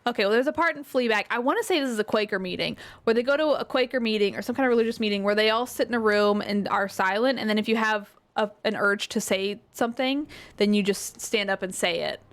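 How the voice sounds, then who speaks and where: A woman's voice: medium pitch, fast, hardly any pauses, fairly bright tone. A woman streaming a survival game with a friend, chatting casually and rambling, laughing often. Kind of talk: casual gaming chat.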